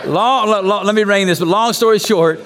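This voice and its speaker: A man preaching an emphatic, confessional sermon in a church sanctuary, his voice sitting unusually high for a man. He coaxes the congregation into calling back answers and speaks plainly about his own struggles. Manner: candid, confessional storytelling. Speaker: pastor.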